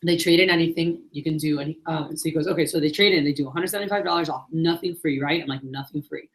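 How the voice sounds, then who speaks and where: A woman leads a sales meeting and talks fast, without pausing. Her voice sits a little low. She acts out both sides of phone calls while she coaches her team. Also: poor audio. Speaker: sales manager. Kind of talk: sales training talk.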